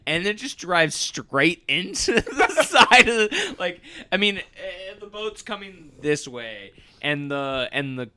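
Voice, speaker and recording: A man's voice: high-pitched, takes it slowly, dry recording. A man co-hosting a podcast, animatedly recapping a movie, acting out the lines and laughing often. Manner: animated storyteller, acts out quotes, laughs often. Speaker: podcast co-host. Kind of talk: casual movie-recap chat.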